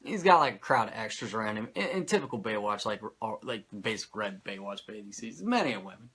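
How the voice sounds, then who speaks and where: Man, podcast host, casual recap, animated, swears a lot, sarcastic. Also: lowish voice, a little fast, slight background noise. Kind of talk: casual chat.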